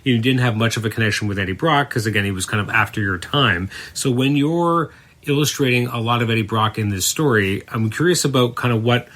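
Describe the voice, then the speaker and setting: A man hosting a podcast interview, talking casually with halting starts and easy laughter. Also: mid-range voice, fairly bright tone. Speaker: podcast host.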